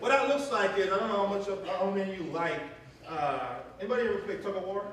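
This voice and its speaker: A man preaching a call-and-response sermon, animated, stopping so the congregation fills in the words. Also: high voice, fast talker, a little hiss or hum. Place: church sanctuary with congregation. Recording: echoey church from far off, crowd.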